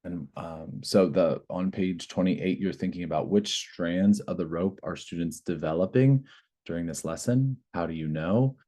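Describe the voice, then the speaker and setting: A man's voice: deep voice, moderate pace, warm tone. A man presenting a teacher training session, explaining a lesson video with a few fillers.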